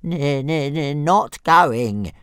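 A man's voice: on the high side, lively intonation, very slow, a bit bright, smooth, no echo, clean studio sound, pitched above the performer's own voice, full character voice. A man voicing a small, stubborn young dragon who stutters on the first sound of his words. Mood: whiny stubborn. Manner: stutters on each word start.

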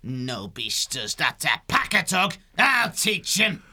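A man voicing a gruff, stubborn old squirrel who talks in a blunt growl. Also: a little high, big pitch swings, slow, pushed and bright, pitched above the performer's own voice, full character voice.

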